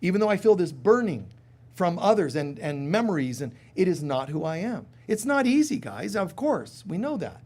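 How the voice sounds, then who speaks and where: Slightly high-voiced man preaching conversationally. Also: big pitch swings, normal speed. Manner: conversational and humorous, acting out little voices; drops to soft, quiet tones on serious points. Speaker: spiritual teacher. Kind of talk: live sermon.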